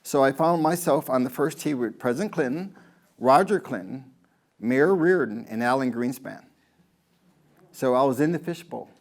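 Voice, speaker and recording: A man's voice: mid-range voice, moderate pace. A man, a golf pro, giving a rambling motivational talk to a live audience, telling stories and asking the crowd questions.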